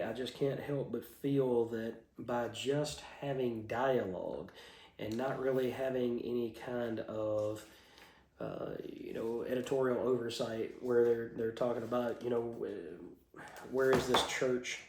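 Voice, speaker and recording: A man's voice: medium pitch, warm tone. A man casually reviewing comic books, talking in an enthusiastic, rambling way with frequent restarts. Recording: roomy echo.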